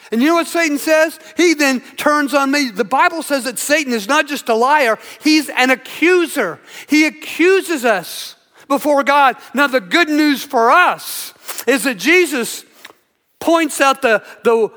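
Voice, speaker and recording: Male pastor, emphatic sermon, very high voice, bright, long hall reverb. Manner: emphatic, repetitive, earnest. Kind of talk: sermon with storytelling.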